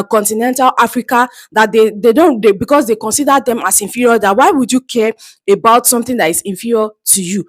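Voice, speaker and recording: A woman hosts a reaction video and comments on a clip. She talks in an animated, exclaiming way, and her voice sits somewhat high.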